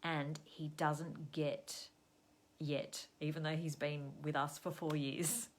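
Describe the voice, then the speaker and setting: A woman's voice: low voice, level tone, slow pace. An Australian woman hosting a live stream, chatting to viewers and telling a story in a casual, conversational way. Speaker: host of a weekly live show.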